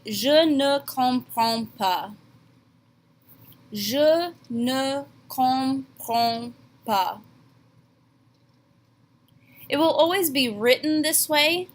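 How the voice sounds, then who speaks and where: A woman French teacher giving a classroom lesson, slowly modeling each phrase. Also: fairly high pitch, bright, forceful tone.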